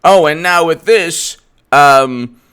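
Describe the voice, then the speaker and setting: A man giving solo political commentary, animated, acting out little scenes and restarting mid-sentence. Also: on the high side, takes it slowly, smooth.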